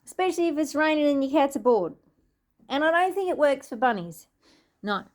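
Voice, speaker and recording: Her voice is high and lively in intonation, moving fairly quickly, as she talks to her pets. An Australian woman, she's filming her cats on a phone in her home kitchen, mixing casual chat with giggly, sing-song baby talk and the odd sweary aside.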